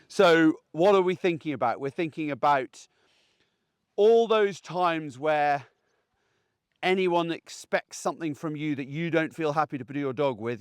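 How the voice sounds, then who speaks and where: A man's voice: fairly high pitch, clear, resonant tone, no echo, clean studio sound. A man, a gundog trainer, giving plain-spoken, chatty training advice outdoors in a field. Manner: chatty, plain-spoken, keeps checking in with "okay?".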